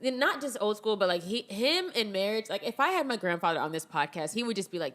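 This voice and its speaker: A young woman co-hosting a podcast with her husband, telling animated stories in casual chat and laughing often. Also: mid-range voice, moderate pace, hardly any pauses. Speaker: podcast co-host.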